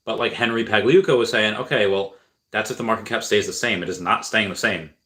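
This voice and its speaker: Low-ish voiced guy on a stream, rambly, lots of um and uh, answering chat. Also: fairly quick, fairly bright tone. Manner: rambling and repetitive, full of restarts and fillers. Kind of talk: casual livestream chat.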